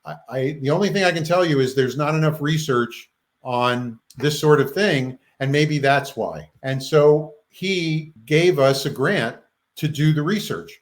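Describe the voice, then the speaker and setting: Male interview guest, higher voice, animated storyteller who acts out the quotes. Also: measured pace, rough recording. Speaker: guest researcher.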